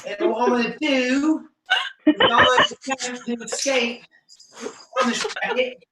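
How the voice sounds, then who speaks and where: A man's voice: extremely high pitch, unhurried, heavy background noise, pitched above the performer's own voice. A man putting on a brash male stage escapologist with an over-the-top fake English accent, delivered as showy stage patter over a video call. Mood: showman patter. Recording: roomy echo, distant from mic.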